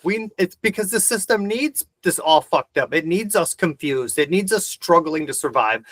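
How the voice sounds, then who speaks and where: A man's voice: a little high, expressive, normal speed, a bit bright, no room sound. A man hosting a video call discussion, talking intensely and ranting with heavy swearing. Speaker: host of the discussion.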